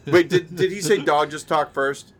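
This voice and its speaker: A male podcast co-host with a fairly high voice, chatting casually. He rambles and restarts often, filling gaps with ums and uhs. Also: moderate pace, faint music behind. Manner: rambling with many fillers and restarts. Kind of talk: casual chat. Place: remote video call.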